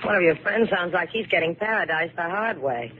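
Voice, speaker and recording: A woman's voice: fairly low pitch, lively intonation, brisk, close to an everyday voice. A woman playing a fearless, wry adventurer who answers danger with dry sarcasm, in 1950s radio drama. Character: sassy, fearless female adventurer. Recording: scratchy old radio broadcast, narrow band.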